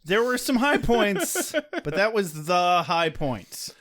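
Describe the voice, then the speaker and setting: A man co-hosting a podcast in a playful, teasing chat. His voice is a little high for a man and swings up and down with a lot of life in it. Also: big pitch swings, takes it slowly, fairly bright tone. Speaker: podcast co-host. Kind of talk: casual chat.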